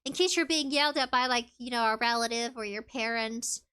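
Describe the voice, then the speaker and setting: A woman streaming from home, reading out her chat and laughing often. Her voice sits high and sounds bright and clear. The talk is loose and friendly, full of little giggles. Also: brisk. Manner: bubbly and giggly, with frequent laughs. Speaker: VTuber streamer. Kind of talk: casual livestream chat, reading viewer comments aloud.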